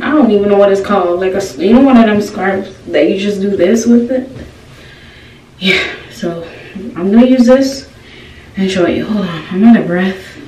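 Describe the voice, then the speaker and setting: A woman's voice: mid-range voice, warm tone. Chatty young woman, roomy distant sound. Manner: chatty, keeps asking viewers "y'all" questions. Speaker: beauty vlogger. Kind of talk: casual hair tutorial. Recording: roomy, distant with faint noise.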